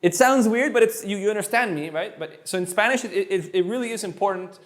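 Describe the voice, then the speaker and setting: Man, high voice, French mother tongue, animated Spanish tutor, playful, repeats himself. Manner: animated, quick, with playful asides and repeated words. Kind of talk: energetic one-on-one language lesson.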